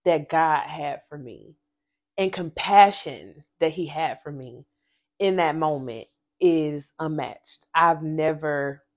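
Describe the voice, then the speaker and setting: In a personal story told directly to listeners, this casual faith podcast host speaks with animated, emphatic repetition. Her voice sits low.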